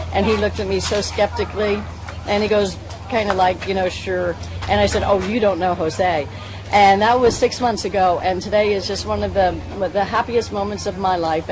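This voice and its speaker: A woman volunteer giving a heartfelt, halting speech at a public event. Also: mid-range voice. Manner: earnest, halting, emotional. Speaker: volunteer fundraiser. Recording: crowd noise behind.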